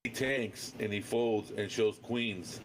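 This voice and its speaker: A man's voice: lowish voice, slow, a little hiss or hum, low-quality recording. A man streaming poker live, chatty and rambling as he retells hands, with fillers and restarts. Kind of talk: casual live-stream chat.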